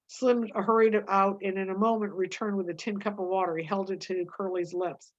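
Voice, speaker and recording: A woman reading a novel aloud with her own comments, halting, with frequent fillers and self-corrections. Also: medium pitch, fairly even intonation, highs cut off. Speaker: reader.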